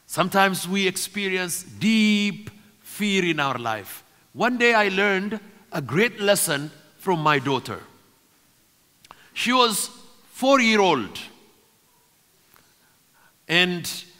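A middle-aged man preaches in a slow, deliberate cadence, leaning on repeated phrases. His voice sits high and cuts with a bright, sharp edge. It rings out with the long tail of a church sanctuary. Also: long reverb tail. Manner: emphatic, repetitive preaching cadence. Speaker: pastor. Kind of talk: sermon.

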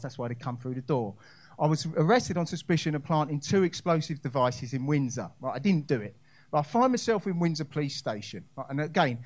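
Brash man telling a stand-up story. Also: fairly high pitch. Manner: brash, addresses the crowd directly. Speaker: stand-up comedian. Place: comedy club stage.

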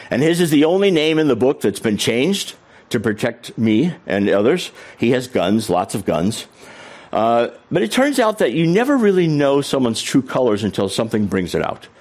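A man's voice: mid-range voice, very animated, moderate pace, a little mellow. A middle-aged man giving a humorous storytelling keynote talk on stage. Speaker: keynote speaker.

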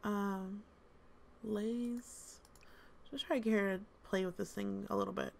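A woman's voice: medium pitch, fairly even intonation, measured pace, creaky, slight background noise. A woman host giving casual, amused gameplay commentary, chatty with lots of fillers. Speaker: gaming channel host.

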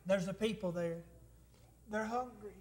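High-voiced emotional missionary preacher man. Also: a little slow, darkish tone. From United States. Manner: emotional, tearful at times, calls out for amens. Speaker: missionary pastor. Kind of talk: sermon testimony.

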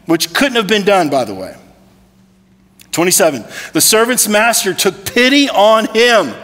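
A man preaching in a high, bright voice, keeping it conversational and tossing in rhetorical questions. His sermon carries a long reverb from the church hall. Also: animated, measured pace. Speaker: pastor. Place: church sanctuary.

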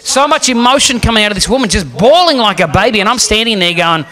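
A man's voice: sits high, animated, fast, few pauses, sharp tone. A man preaching a sermon as a guest speaker, telling a story with animation and acting out the lines he quotes.

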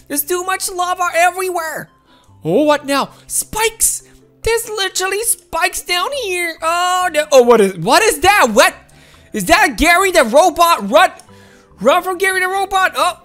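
A woman giving excited let's-play commentary, often shouting and constantly calling out to the viewers as guys. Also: very high-pitched, normal speed, soft background music. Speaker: gameplay commentator.

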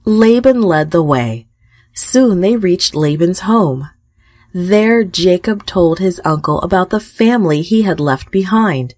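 Slow, expressive woman storyteller. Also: fairly low pitch, no echo, clean studio sound. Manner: gentle, expressive reading. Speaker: children's Bible storyteller. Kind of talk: scripted narration for children.

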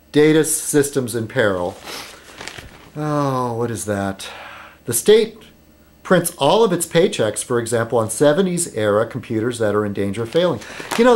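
A man video blogging at home in a rambling casual monologue, halting with fillers and restarts, getting animated when he mimics other people. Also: mid-range voice.

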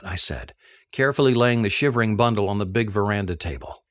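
A man reading a first-person novel aloud, telling the story in an expressive, animated way. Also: fairly low pitch, a little fast, no room sound, studio quality. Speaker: audiobook narrator.

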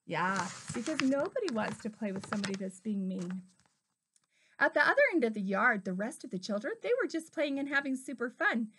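A woman reading a picture book aloud to a preschooler, stopping to talk to the child in an animated way. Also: a little high, a little fast, slight background noise. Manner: animated, talks to the child between lines. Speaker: storyteller.

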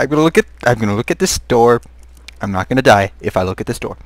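A young man giving live commentary on a horror game, muttering to himself and breaking into high, panicked shrieks. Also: animated, brisk, pauses often, dry recording. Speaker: gaming video host.

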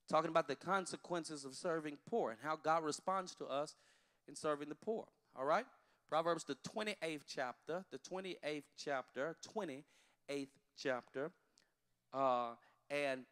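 High-voiced preaching man, repeats himself. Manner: call-and-response preaching, repeats phrases, swings from loud to hushed. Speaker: pastor. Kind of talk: sermon.

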